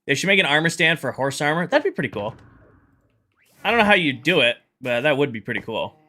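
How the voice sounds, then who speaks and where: A man's voice: fairly high pitch, sing-song, brisk, pushed and bright. A man streaming a game live, chatting casually, thinking aloud as he sorts items and greeting viewers in chat.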